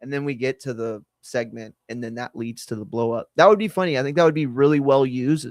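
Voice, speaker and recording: A man talks through a live broadcast in loose, rambling commentary. He keeps stopping to correct himself and circles back to his points. His voice sits at a middling pitch and sounds close and dry, with no room echo. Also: a little fast. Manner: rambling, self-correcting, conversational. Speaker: host. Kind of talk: live watch-along commentary.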